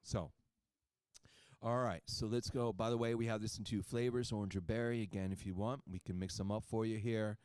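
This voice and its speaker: Low-voiced man giving a folksy sales pitch. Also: fairly even intonation, moderate pace, darkish tone, clean tone. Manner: folksy, emphatic, says "okay?" and "right?" to the audience. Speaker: clinic owner presenting supplements.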